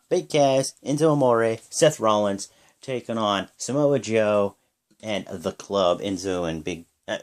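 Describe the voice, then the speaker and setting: Excitable young man recapping wrestling. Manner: excitable, acts out wrestlers' lines in high yells; rambling with many fillers. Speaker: wrestling show reactor. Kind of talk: casual play-by-play recap.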